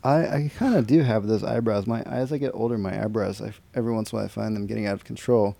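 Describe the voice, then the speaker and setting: A man's voice: fairly low pitch, fast, creaky, mellow. A man hosting a casual podcast, asking easygoing, teasing questions. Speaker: podcast host.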